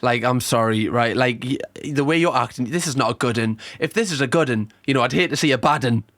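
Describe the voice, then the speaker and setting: A man's voice: mid-range voice, quick pace, fairly bright tone. A man reacting to a reality show clip, laughing and incredulous as he comments. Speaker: reaction video host. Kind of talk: casual commentary over clips.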